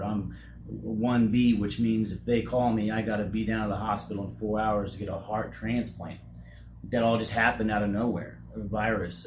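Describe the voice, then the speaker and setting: Brief: earnest man in his forties, stumbling over words, echoey noisy room. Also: fairly low pitch. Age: 40s. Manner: halting, repeats words, earnest. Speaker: roofing company owner. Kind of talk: candid interview.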